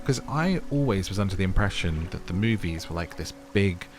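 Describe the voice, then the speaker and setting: A man's voice: low voice, lively intonation, fairly quick. A man with a London accent chatting casually while playing a video game and reading its text aloud. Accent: London English. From England. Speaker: gameplay streamer. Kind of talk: relaxed let's-play commentary. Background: game music.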